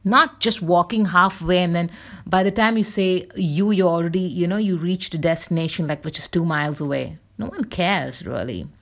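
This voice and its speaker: Rambling, creaky-voiced woman podcaster. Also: lowish voice, normal speed. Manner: rambling, full of fillers and tangents. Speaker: podcast host. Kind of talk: casual rambling monologue.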